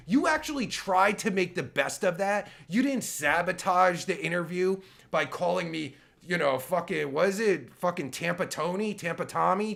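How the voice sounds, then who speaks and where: A man's voice: high-pitched, gravelly, fairly bright tone. A man hosting his own livestream, reacting to a clip in an exasperated, sarcastic and stammering rant. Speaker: podcast host reacting to a clip.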